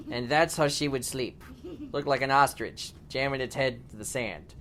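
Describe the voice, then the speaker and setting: A father telling a playful bedtime story to his daughter, laughing often and shouting the robbers' lines. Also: mid-range voice, unhurried, slight background noise. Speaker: storyteller dad.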